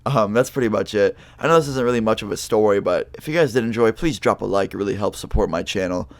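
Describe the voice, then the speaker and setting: Rambling young man with a low voice. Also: quick pace, no room sound. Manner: rambling, loose, heavy on fillers and swearing. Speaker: vlogger telling a story. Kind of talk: casual storytime monologue.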